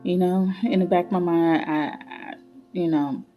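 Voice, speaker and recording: A woman's voice: lowish voice, fairly even intonation, unhurried, highs cut off. A woman, chatting through a personal story and acting out the people in it. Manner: chatty, retelling with quoted dialogue. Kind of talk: casual storytime vlog. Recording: faint guitar music behind. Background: soft guitar music.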